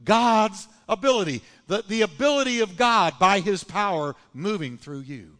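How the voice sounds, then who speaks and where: A man preaching a sermon as pastor, with emphatic, drawn-out phrases and call-and-response with the congregation. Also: high voice, lively intonation, sharp tone, in a large hall. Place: church sanctuary.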